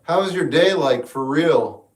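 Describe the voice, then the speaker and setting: This young livestreamer speaks unhurriedly in a voice on the high side, wandering between thoughts and bantering jokingly with viewers as he responds to chat. Faint guitar plays in the background of a roomy, echoey space.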